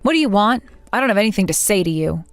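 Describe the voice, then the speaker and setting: A woman's voice: medium pitch, expressive, fast talker, no room sound, faint music behind, lightly acted. A woman playing a wounded young bride. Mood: cold. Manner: earnest, emotional. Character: hurt, determined young bride. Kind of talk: dramatized text-story voice acting.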